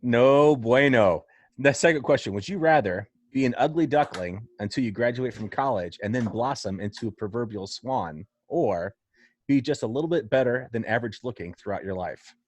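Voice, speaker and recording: Upbeat middle-aged podcast host, dry sound. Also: male voice, medium pitch, animated, fairly quick, husky, dry recording. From Illinois. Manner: upbeat, jokey question-asker. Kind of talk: casual podcast interview.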